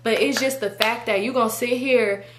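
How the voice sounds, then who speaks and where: A young woman casually telling a story to her viewers, animated and profane, acting out her friends' lines. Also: a little high, normal speed, noisy background. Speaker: storytime vlogger.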